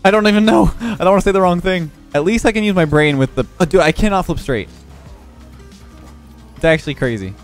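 A young man giving live commentary over his own gameplay, excitable and quick to laugh, with frequent exclamations. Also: high-pitched, soft background music. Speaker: gaming YouTuber.

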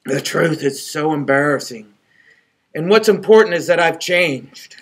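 A man doing a loud, boastful storybook wolf. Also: a little high, animated, unhurried, husky, exaggerated voice. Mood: theatrical. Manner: loud, theatrical storybook delivery. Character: boastful big bad male wolf telling tall tales.

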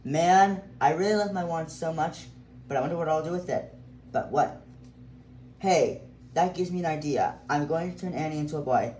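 A man's voice: a little high, moderate pace, darkish tone, roomy sound, a little hiss or hum, close to an everyday voice, low-quality recording. A man voicing a mischievous, scheming princess with a magic wand in a homemade fan story, talking her plans through aloud. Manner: gleeful, plotting aloud.

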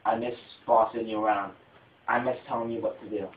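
A bossy, self-pitying man blusters through a homemade comedy skit. His voice sits low, and the recording is tinny and phone-like. It has the boomy echo of a bare room. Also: flat delivery, brisk, slight background noise. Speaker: comedy show host playing the boss. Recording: dull tinny phone-like audio in an echoey room.

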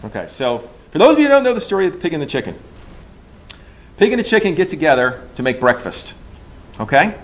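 Animated man ranting at a conference. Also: on the high side, quick pace, pauses often. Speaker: engineering leader. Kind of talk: conference talk. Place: conference room.

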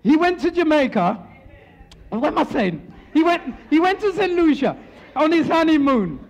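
A man's voice: very high-pitched, moderate pace, low-quality recording. A male preacher telling stories in a sermon, playful and teasing the congregation. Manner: animated, playful, teases the congregation. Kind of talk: storytelling sermon. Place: church.

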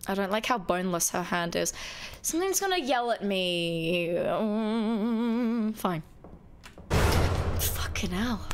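A woman's voice: mid-range voice, lively intonation, slow, long pauses, noisy background. A woman chatting playfully with her viewers while streaming a game. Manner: playful, chatty, talking to chat. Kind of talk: casual live-stream chat.

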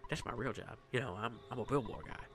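A man voicing a loud, cheerful townsman who brags in a game. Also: medium pitch, lively intonation, fast, creaky, noisy background. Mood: boastful cheer. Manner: boastful, chatty.

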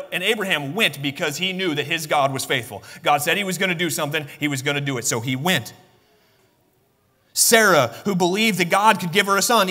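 A man's voice: high voice, pushed and bright. A man preaching a sermon with passion, acting out the voices of biblical figures as he goes. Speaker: pastor. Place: church sanctuary. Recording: long church reverb.

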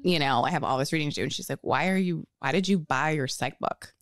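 Animated laughing woman telling stories. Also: deep voice, brisk, over a noisy crowd. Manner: animated storytelling, acts out family quotes, swears, laughs often. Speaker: podcast co-host. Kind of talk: casual chat with sisters.

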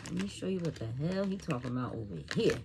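A woman doing a casual, profane tarot reading monologue, animated and laughing often. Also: low voice, fast talker, noisy background. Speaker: tarot reader.

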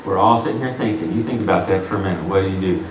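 A male pastor preaching a sermon, telling the story with lively, joking character voices. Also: deep voice, very fast, background noise. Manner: animated storytelling, acting out the characters with jokes. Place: church sanctuary. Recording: echoey hall, mic from a distance.

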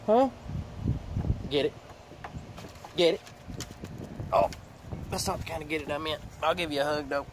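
A man's voice: a little high, normal speed, long pauses, noisy background. A man in his thirties telling stories on his family vlog, his voice jumping up and down with plenty of life. He jokes around in a loose, drawling way, close to the camera mic. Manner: animated, joking, drawling. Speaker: vlogger. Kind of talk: casual vlog chat.

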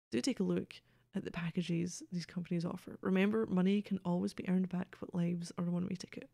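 Female streamer, sardonic, swears; dark, gravelly, dry. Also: lowish voice, no echo. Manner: sardonic, swears, reads game texts aloud. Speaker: game streamer. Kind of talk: casual gameplay commentary.

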